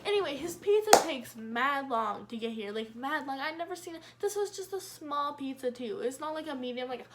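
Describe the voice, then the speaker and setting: A woman's voice: high-pitched, lively intonation, a little fast, heavy background noise. Rambling young woman telling a story. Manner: rambling, filler-heavy, swearing casually; wry self-mocking. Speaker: vlogger. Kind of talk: casual storytime.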